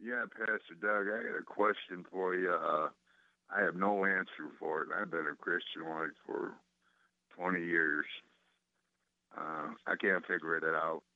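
A man calling in to a radio show, asking a question hesitantly with many pauses. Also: low voice, fairly even intonation, no echo. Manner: hesitant, many fillers and restarts. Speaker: caller. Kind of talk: phone-in question. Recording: tinny phone line.

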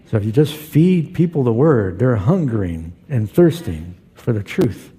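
A man's voice: mid-range voice, big pitch swings, moderate pace, few pauses, mellow, slightly rough. A male pastor preaching a sermon, telling stories and acting out the quoted voices.

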